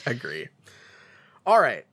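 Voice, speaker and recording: A man hosting a casual podcast chat, amused, with halting restarts. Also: medium pitch, huge pitch swings, a bit bright, breathy edge. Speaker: podcast host.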